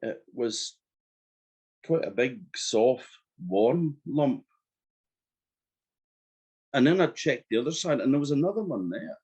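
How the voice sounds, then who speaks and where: A man's voice: medium pitch, slow, long pauses, breathy edge. A man from Orkney with an Orcadian accent telling a folktale in the first person, chatty and wry, with asides to the listeners, in a dull lo-fi recording. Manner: lively, conversational, wry asides to the audience. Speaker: storyteller. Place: evening storytelling event.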